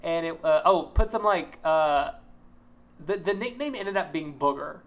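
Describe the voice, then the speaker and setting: A woman's voice: low-pitched, expressive, unhurried. A woman co-hosting a podcast, retelling TV scenes with laughter, ums and restarts. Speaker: podcast co-host. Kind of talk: casual chat recapping a TV episode.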